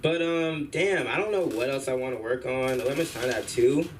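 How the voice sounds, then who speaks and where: Slangy young-sounding comedian, distant mic. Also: male voice, medium pitch, brisk. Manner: loose, rambling, slangy storytelling. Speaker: stand-up comedian. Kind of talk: stand-up set at an open mic. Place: comedy club open mic. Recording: distant room mic with faint hum.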